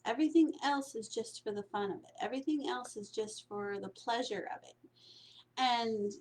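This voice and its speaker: A woman with a high voice talks through spiritual prosperity like a coach chatting with clients. She meanders and repeats herself, often checking in with a quick "right?" The delivery is loose, casual and motivational. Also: darkish tone.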